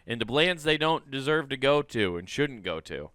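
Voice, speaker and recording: A man's voice: medium pitch, very animated, normal speed, a bit bright, clean tone, dry recording, clean studio sound. A man co-hosting a comedy podcast, rambling through casual banter and laughing often at his own jokes. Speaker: podcast co-host.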